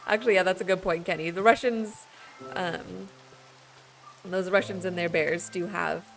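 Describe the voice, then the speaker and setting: A woman's voice: lowish voice, fairly even intonation, measured pace, gravelly, faint music behind. A woman streaming a building game, chatting with her viewers in a rambling, playful way and laughing often. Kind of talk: casual chat with stream viewers while building.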